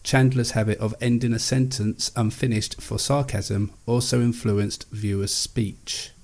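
A man's voice: mid-range voice, steady tone, unhurried, darkish tone. A man hosting a podcast who reads trivia aloud steadily and then chats easily. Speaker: podcast host. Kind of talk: casual chat and reading facts aloud.

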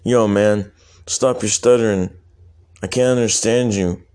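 A man's voice: on the low side, steady tone, measured pace, darkish tone, smooth, natural voice. A man voicing a brash, impatient young male sidekick with streetwise talk.

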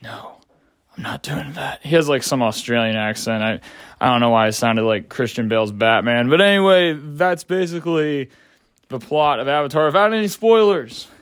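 A man's voice: medium pitch, lively intonation, normal speed, fairly bright tone, smooth, no echo, clean studio sound. A young adult man giving a casual movie review, rambling with lots of filler words and casual swearing.

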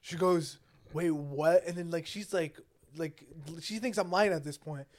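High-voiced young man telling rambling stories. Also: moderate pace. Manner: rambling, profane storytelling with quoted voices. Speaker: podcast co-host. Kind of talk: casual chat.

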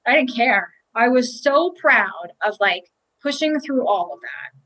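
A woman's voice: a little high, expressive, measured pace, bright, forceful tone, low-quality recording. Candid woman telling a personal story. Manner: candid and emotional, with restarts and quoted inner thoughts. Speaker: triathlete.

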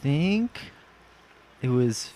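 A man's voice: mid-range voice, sing-song, drawn-out words, warm tone. A young man co-hosting a casual chat, hesitant and thinking aloud. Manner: hesitant, thoughtful. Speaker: podcast co-host.

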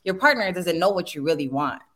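Low-voiced earnest woman. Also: animated, brisk, a bit bright. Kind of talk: casual chat.

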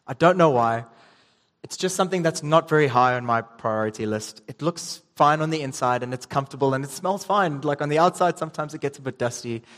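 A man's voice: on the high side, fairly quick, fairly bright tone. Young man preaching in a reverberant hall. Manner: casual storytelling with ums and restarts. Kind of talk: sermon.

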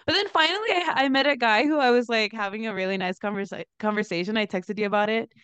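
Young woman, podcast co-host, casual storytelling, smooth voice, dry room. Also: quick pace, no room sound. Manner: animated storyteller, lots of "like", laughs into high pitch.

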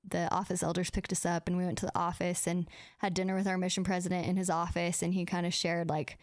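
Chatty young woman, smooth voice. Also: lowish voice, flat delivery, fast talker, no room sound, studio quality. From United States. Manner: chatty, fills speech with "like", acts out quoted dialogue. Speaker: podcast host. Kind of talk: casual personal storytelling.

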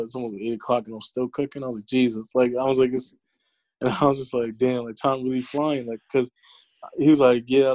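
A man's voice: mid-range voice, dry recording. Young man telling stories, cursing freely. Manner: profane, animated storytelling with acted-out quotes. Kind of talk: casual chat. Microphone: remote call audio.

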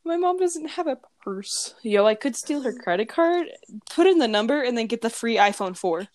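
A woman's voice: on the high side, lively intonation, normal speed, darkish tone, no room sound. Goofy, jokey young woman. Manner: goofy, jokey, laughs often. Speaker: podcast co-host. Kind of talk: casual chat between friends. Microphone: headphones and a desk mic.

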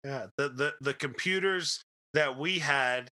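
A man's voice: mid-range voice, measured pace, sharp tone. A man hosting a casual podcast, asking questions and giving short replies. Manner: asks questions, brief backchannel replies. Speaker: podcast host. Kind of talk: casual chat.

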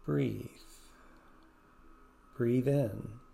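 Man, guided meditation, very slow unhurried delivery, heavy vocal fry, gentle soothing tone. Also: medium pitch.

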